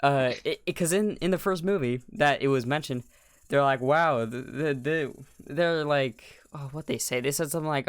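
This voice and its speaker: A young man talks loosely on a podcast, full of restarts and slang, and gets animated when something strikes him as absurd. His voice cracks now and then. The sound is close and dry, with no room around it. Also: on the high side, moderate pace, clear, resonant tone, no room sound. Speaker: podcast co-host. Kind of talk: casual chat.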